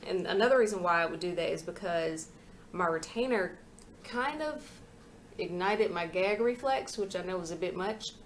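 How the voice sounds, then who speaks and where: Woman, young adult, low-ish voice, candid rambling vlog chat, slightly slurred from a retainer, faint background noise. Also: moderate pace. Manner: candid, rambling, venting with frank asides. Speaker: vlogger. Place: living room floor at home.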